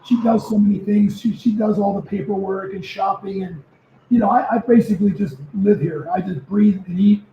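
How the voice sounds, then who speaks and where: A man in his seventies, a former football player, telling stories as a guest in a casual interview, lively and prone to repeating himself. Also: high-pitched, normal speed, slight background noise. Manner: animated storyteller who repeats words. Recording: echoey, muffled remote audio.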